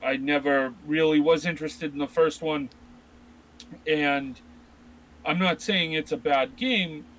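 A man's voice: a little high, a little slow, long pauses, fairly bright tone, slight background noise, rough recording. A man in his thirties co-hosting a casual chat about video games, rambling with many restarts. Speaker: podcast co-host.

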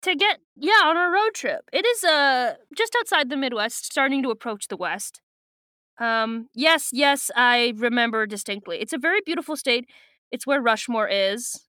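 A woman's voice: fairly high pitch, lively intonation, moderate pace, sharp tone, dry recording, clean studio sound. A woman co-hosting a podcast, chatting casually and giggly with lots of fillers. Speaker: podcast co-host. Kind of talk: casual chat recapping a book.

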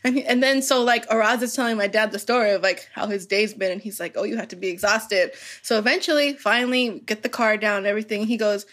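A woman's voice: mid-range voice, steady tone, fast talker, few pauses, fairly bright tone. A young woman telling a story in casual podcast chat, laughing often, swearing and filling her talk with "like". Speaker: podcast guest.

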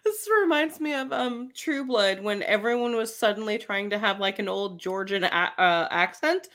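A woman co-hosts a casual chat with a bright, sharp-edged voice. She talks with playful enthusiasm. Giggles come easily to her. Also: mid-range voice, normal speed. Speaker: podcast co-host.

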